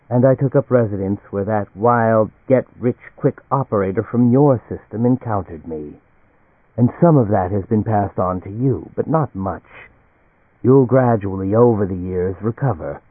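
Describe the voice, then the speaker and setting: A man voicing an ancient, weary male alien entity who speaks quietly and bitterly, with a mocking edge. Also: on the low side, husky, no echo. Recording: dry, tinny phone-like audio.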